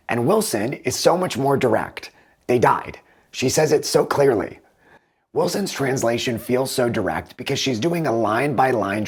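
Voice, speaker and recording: A man giving measured, analytical commentary as a book reviewer, comparing translations with animated emphasis. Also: medium pitch, slightly rough.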